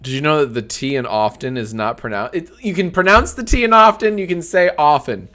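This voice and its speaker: A man in his thirties chatting casually on a live stream, joking, sarcastic and swearing freely, often breaking into high laughter. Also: lively intonation, brisk, a bit bright.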